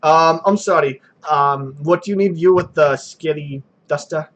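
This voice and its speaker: A man's voice: a little high, unhurried, fairly bright tone, dull audio. A man narrating a tabletop game as game master, loose and chatty, with filler words.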